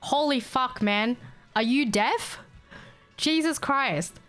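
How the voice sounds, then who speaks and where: A young woman streamer chatting casually and telling a story, blunt and sweary, quick to mimic the people she talks about. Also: high voice, fairly bright tone, soft background music. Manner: mimics callers and herself in quoted bits. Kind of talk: casual chat, venting a story.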